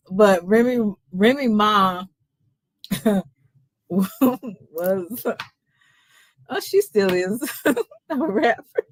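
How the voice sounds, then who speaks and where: A woman's voice: mid-range voice, extremely slow, pauses often, dry recording. A woman with a Texas accent hosting a casual live stream, a little tipsy, laid-back and laughing often as she greets viewers by name. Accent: Texan.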